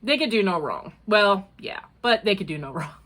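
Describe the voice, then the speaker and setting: A woman's voice: medium pitch, animated, normal speed, a bit bright. An older woman, a grandmother, hosting a casual crochet vlog, chatty and rambling with frequent laughs. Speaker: crochet vlogger. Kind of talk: casual chat.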